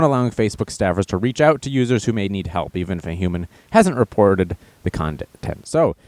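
Here a man with a lowish, darkish voice hosts a casual news program, and there's no echo. He reads the stories out and riffs on them sarcastically, mocking them with put-on voices.

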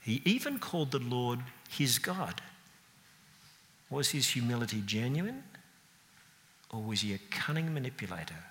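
A man preaching a sermon, telling the story with lively animation, acting out scenes and mocking the characters. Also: mid-range voice, a little slow, long pauses. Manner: animated storytelling, acting out scenes with sound effects and mock voices. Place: church. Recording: long reverb of a church hall.

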